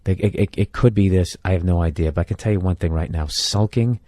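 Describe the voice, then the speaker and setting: A man's voice: low-pitched, fast talker, warm tone, no echo. A man hosting a podcast, giving blunt, profane, exasperated relationship advice in a casual comedic rant.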